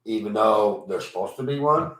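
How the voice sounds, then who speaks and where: Low-voiced agreeable male host. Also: animated, normal speed, fairly bright tone. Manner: agreeable, frequent short affirmations. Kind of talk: casual podcast chat. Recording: echoey room with noise.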